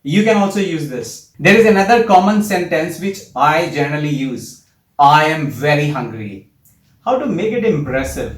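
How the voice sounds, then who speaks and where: A man's voice: on the high side, expressive, moderate pace. A man teaching English, upbeat and explaining each phrase with example sentences in a scripted lesson dialogue. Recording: echoey room.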